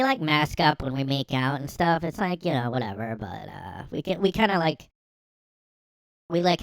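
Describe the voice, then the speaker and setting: A man's voice: medium pitch, vocal fry, clean tone, no echo, pitched above the performer's own voice. A man voicing a chatty young woman who rambles and overshares about her boyfriend in a breezy tone.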